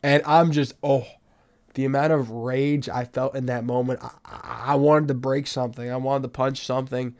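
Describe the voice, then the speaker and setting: Animated young New man telling stories. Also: moderate pace. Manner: animated, swings from loud outbursts to low mutters. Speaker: podcast host. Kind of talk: casual storytelling monologue.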